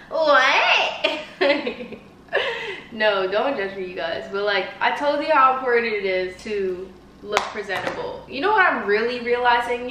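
A woman's voice: mid-range voice, fairly bright tone, a little hiss or hum. Bubbly young girl chatting to her viewers, roomy kitchen sound, phone a bit far off. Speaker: vlogger. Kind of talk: casual vlog chat. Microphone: phone on tripod. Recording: roomy home audio from a bit off-mic.

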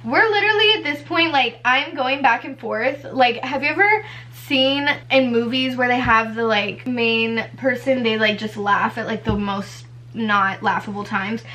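Young woman vlogger, high bright voice, chatty storytime, animated and filler-heavy. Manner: animated, fast-paced retelling with many fillers and acted-out quotes. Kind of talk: casual storytime.

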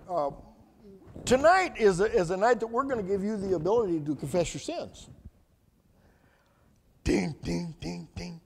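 A man with a high-set voice that swings widely up and down delivers a folksy, colloquial testimony from the pulpit. His storytelling is animated and plainspoken. The sound carries a long, echoey church reverb. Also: creaky, a little hiss or hum. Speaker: guest speaker giving testimony. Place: church sanctuary.

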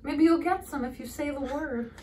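A woman's voice: high-pitched, moderate pace, mellow, slight background noise. A woman who owns a cat talks to it in playful, sing-song baby talk as she teaches it words in a casual home vlog. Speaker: cat owner teaching her cat.

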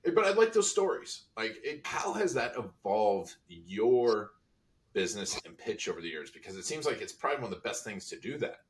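A man's voice: lowish voice, sing-song, brisk, recorded from a distance. A man hosting an interview podcast, mostly short agreeing replies and follow-up questions. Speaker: podcast host. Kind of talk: interview chat.

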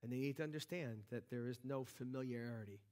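A man's voice: medium pitch, fast talker, a little mellow. A man preaching a sermon as pastor in a church, talking conversationally with lots of restarts and rising energy. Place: church sanctuary.

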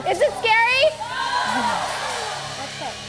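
A woman's voice: very high-pitched, big pitch swings, slow pace, distant mic, loud music behind the voice, a loud crowd, low-quality recording. A woman, a talk show guest on a studio stage, nervous and pleading, with hesitant restarts. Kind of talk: playful game segment banter.

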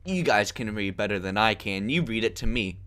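Laid-back gamer man, bright voice. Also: fairly low pitch, expressive, brisk. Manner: jokey, muttering, panicked yelling when scared. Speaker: let's play gamer. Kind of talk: horror game commentary.

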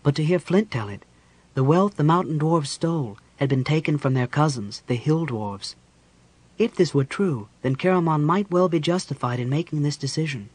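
A man reading a fantasy audiobook aloud in a measured storytelling manner. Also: fairly high pitch, animated, husky. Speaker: audiobook narrator. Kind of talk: scripted fantasy narration.

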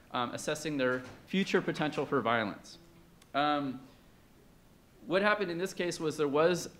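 Man, mid-pitched, presenting at a conference; loose, halting, chatty delivery. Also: a bit bright. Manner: conversational, hesitant, many fillers, questions to the audience. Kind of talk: academic conference talk.

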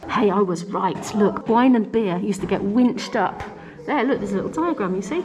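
A woman's voice: mid-range voice, moderate pace, over music. A woman narrating a casual travel vlog while touring a castle, curious and lightly humorous. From Britain. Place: outdoors and inside a stone castle.

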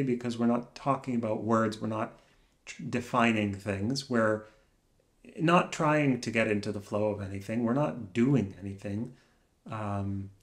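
A man sits alone in a room and muses aloud in an unhurried, reflective vlog. His speech is slow and halting, full of searching pauses and phrases that fade off quietly. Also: mid-range voice. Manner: soft-spoken, trailing off quietly. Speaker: vlogger.

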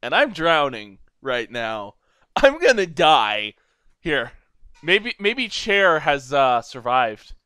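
A young man giving goofy, rambling solo commentary over a video game, now and then breaking into loud silly shouting. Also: on the high side, smooth, no echo, clean studio sound. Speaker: gameplay commentator. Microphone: desk microphone.

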